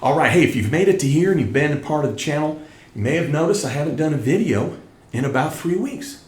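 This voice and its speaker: A man's voice: on the high side, lively intonation, quick pace, darkish tone. A middle-aged man hosting a tax channel, talking straight to viewers in an emphatic way that repeats his points, while still getting over an illness. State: recovering from illness. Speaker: tax educator and channel host. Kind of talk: casual direct-to-camera talk. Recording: echoey room.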